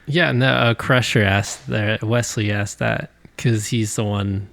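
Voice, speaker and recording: A man's voice: fairly low pitch, fairly even intonation, measured pace, creaky, fairly bright tone, dry recording, clean studio sound. A man co-hosting a podcast, laid-back and laughing in casual chat. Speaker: podcast co-host.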